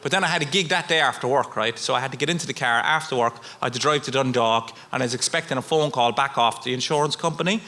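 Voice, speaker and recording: A man's voice: medium pitch, fast talker, hardly any pauses. A man in his thirties with an Irish accent, performing a stand-up routine and acting out the people in his stories. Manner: animated storytelling, acts out characters. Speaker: stand-up comedian. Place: comedy venue with audience.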